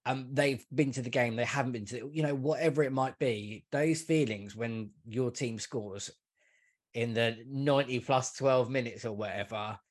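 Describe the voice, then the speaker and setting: Chatting casually about football as a podcast guest, this man swears freely and keeps addressing the listener as mate and man. He speaks at normal speed in a mid-range voice.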